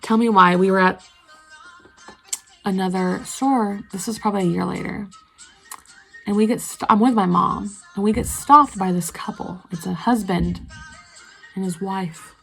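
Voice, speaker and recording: A woman's voice: medium pitch, fairly even intonation, unhurried, creaky, long pauses, a bit bright, faint music behind, rough recording. A young woman vlogging casually, rambling through a story while she does her makeup. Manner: rambling, chatty, lots of fillers. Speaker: beauty vlogger.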